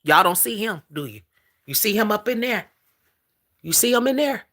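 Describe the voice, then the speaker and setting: A woman's voice: medium pitch, expressive, moderate pace, fairly bright tone. A woman hosting a casual spiritual livestream, talking emphatically, repeating herself, laughing often and calling her listeners "collective".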